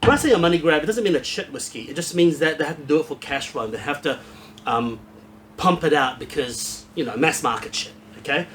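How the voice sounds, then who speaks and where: A man's voice: on the high side, animated, fairly quick, a bit bright, slight background noise. A man hosting a casual, unscripted whisky review, rambling and blunt, swearing freely.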